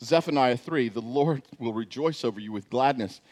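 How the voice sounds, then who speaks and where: Man, pastor, sermon delivery, lively storyteller, goes soft and low when serious. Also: normal speed. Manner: animated storyteller, climbs loud and high when joking.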